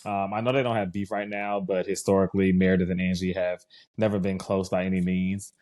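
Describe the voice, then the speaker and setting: A man co-hosts a podcast in a low, relaxed voice. He keeps the conversation moving and gives easygoing commentary. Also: brisk. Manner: steers the show, relaxed commentary. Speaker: podcast co-host. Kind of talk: casual recap chat.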